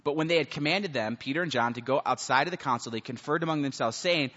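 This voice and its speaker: A man's voice: a little high, fast talker. A man preaching a sermon to teens as a youth pastor, acting out the people in his stories. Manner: animated storytelling, acts out the people in the story. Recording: muffled sound with long hall reverb.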